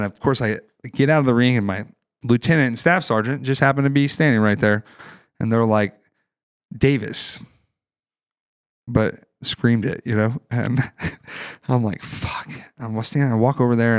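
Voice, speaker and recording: A man from northern Ohio, a Marine veteran guest on a podcast, telling a wild story in a casual, profane, animated way with laughs. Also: medium pitch, clear, resonant tone. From northern Ohio, United States.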